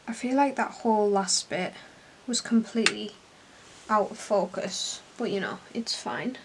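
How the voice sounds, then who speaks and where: A woman's voice: medium pitch, a little slow, background noise. A young English woman vlogging at home, chatting casually and self-deprecatingly while doing her makeup. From England. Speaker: beauty vlogger.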